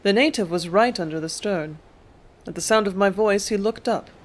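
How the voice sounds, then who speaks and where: Steady audiobook narrator. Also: mid-range voice, normal speed. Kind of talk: audiobook reading.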